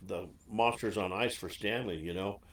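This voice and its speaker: A man hosting a casual chat and telling loose, animated stories. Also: fairly low pitch, moderate pace, reverberant, recorded from a distance. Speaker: host.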